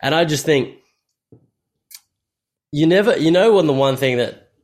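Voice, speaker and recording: A man's voice: fairly high pitch, expressive, a little slow, a little mellow. A man hosting a podcast in casual chat, rambling and swearing as he thinks aloud. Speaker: podcast host.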